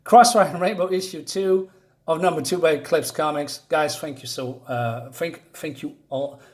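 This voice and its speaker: A man's voice: on the high side, moderate pace, a little mellow. A man whose first language is not English, reviewing a comic in casual, rambling speech full of fillers and frequent chuckles. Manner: rambling, hesitant, many fillers; chuckles often.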